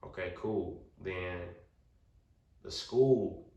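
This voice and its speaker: A young man with a very low, gravelly voice tells his story as a podcast guest. His talk is loose, animated and full of slang. He sits a bit back from the mic in a roomy, echoing room. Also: extremely slow, distant mic, lo-fi sound. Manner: slangy, loose and animated, leans on "you know what I'm saying". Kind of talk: casual storytelling.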